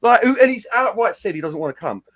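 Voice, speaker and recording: Ranting man, high and lively. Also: fast talker. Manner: animated, ranting, slips into mimicking quotes. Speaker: panelist. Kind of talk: heated fan podcast rant.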